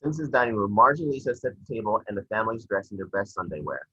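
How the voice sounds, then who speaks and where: A man reading stage directions in a plain, brisk way. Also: on the low side, very animated, pushed and bright, slightly rough, lo-fi sound. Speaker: scene description reader.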